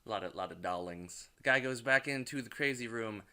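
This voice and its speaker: A man's voice: medium pitch, a little fast, sharp tone. A man casually recapping a movie plot, rambling and loose, with plenty of swearing. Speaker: movie reviewer.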